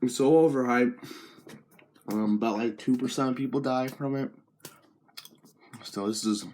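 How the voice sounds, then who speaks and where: Profane teenage boy ranting deadpan. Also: mid-range voice, slight background noise. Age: teens. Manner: profane, mocking, deadpan slacker drawl. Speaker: vlogger. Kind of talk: crude comedic rant to camera.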